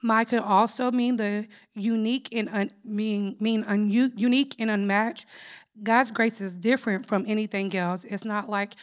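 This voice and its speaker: A woman's voice: mid-range voice, steady tone, normal speed. Earnest lady preaching, prayerful, tells her own story, regular mid voice. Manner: earnest, prayerful, personal testimony. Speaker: lay preacher. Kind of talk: sermon.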